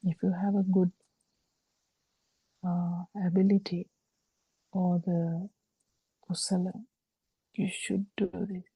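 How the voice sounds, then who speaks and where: A woman giving a slow, halting Buddhist dharma talk over a video call, with frequent fillers. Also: lowish voice, flat delivery, breathy edge, dry recording, highs cut off. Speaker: Buddhist teacher.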